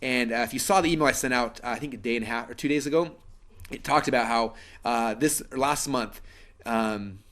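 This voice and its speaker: Fast-talking earnest man pitching a webinar. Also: a bit bright. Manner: fast, earnest, persuasive, many fillers. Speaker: webinar host pitching a course.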